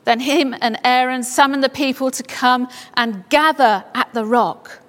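A woman's voice: high-pitched, measured pace, fairly bright tone. A woman preaching a sermon and reading scripture aloud, building up to fervent exclamations. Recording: long hall reverb.

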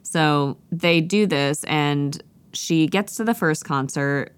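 Low-voiced woman podcaster rambling through a story, dry close sound. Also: slow, clear, resonant tone, no room sound. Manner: animated storyteller, lots of "like". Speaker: podcast co-host. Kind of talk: casual chat, storytelling.

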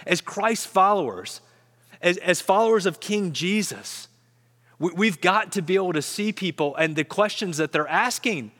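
A man's voice: high-pitched, lively intonation, moderate pace, fairly bright tone, in a large hall. A man preaching a sermon as pastor, earnest, often repeating words as he builds up.

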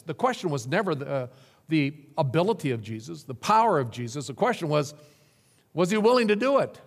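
A man's voice: big pitch swings, fairly quick, gravelly. Man preaching in a reverberant hall. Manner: dramatic preaching with sweeping pitch and emphatic repetition. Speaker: pastor. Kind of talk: sermon.

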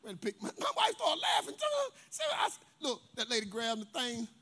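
Pastor guy preaching, super high bright voice, telling stories and getting the crowd to answer back. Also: fairly quick. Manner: animated preacher, storytelling with call-and-response. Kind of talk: sermon.

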